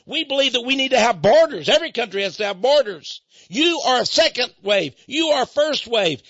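A man with a high, bright voice delivers a talk radio monologue, his pitch swinging widely as he reads passages aloud and breaks in with mock alarm. The sound is dry and a little dull. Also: big pitch swings, moderate pace, dry recording. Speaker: radio host. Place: studio office.

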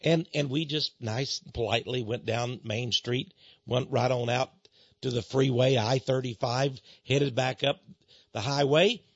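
Middle-aged man, emphatic storytelling lecture, gravelly, husky, dull dry recording. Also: medium pitch, no echo. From Austin, Texas. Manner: animated, emphatic, with dramatic pauses. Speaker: speaker on Freemasonry.

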